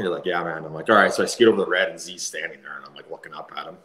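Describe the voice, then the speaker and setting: Brief: low, quick-talking Canadian man, thirties, lively anecdotes, echoey room. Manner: animated anecdotes full of fillers and laughter. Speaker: guest, former hockey player. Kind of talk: casual storytelling.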